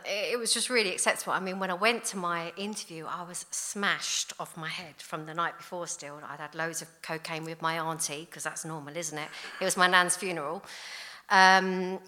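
A woman, giving a candid, blunt recovery testimony in an animated storytelling way. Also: on the low side. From London. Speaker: recovery speaker. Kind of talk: personal testimony talk.

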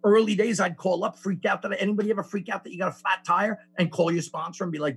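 A man sharing his recovery story with a group, telling it in an animated way with many restarts. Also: high-pitched, quick pace, hardly any pauses, slightly rough. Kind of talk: personal testimony to a group.

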